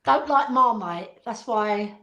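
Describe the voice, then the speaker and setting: A woman's voice: a little high, lively intonation, slow, pushed and bright, echoey room, muffled recording. A woman from Greece chatting casually on a comedy panel show, laughing often and sounding amused. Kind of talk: casual banter.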